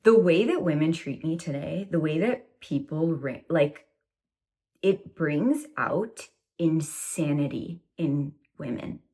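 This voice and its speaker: A young woman in her twenties with a low voice lectures her viewers bluntly. She talks in a preachy, direct-to-camera monologue and fills it with "like" and "you know". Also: expressive, takes it slowly, mellow. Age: 20s. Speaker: self-love coach.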